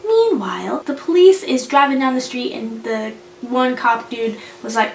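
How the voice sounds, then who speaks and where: A woman's voice: on the high side, lively intonation, normal speed. A young woman giving a casual spoken anime review in a blunt, profane, exasperated way. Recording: roomy echo, faint noise.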